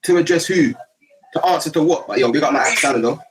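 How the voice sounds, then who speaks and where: A man's voice: on the high side, quick pace, heavy background noise. A young man with a London accent, chatting casually as a livestream host and rambling in heavy street slang. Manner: rambling, heavy street slang, keeps asking "you get me".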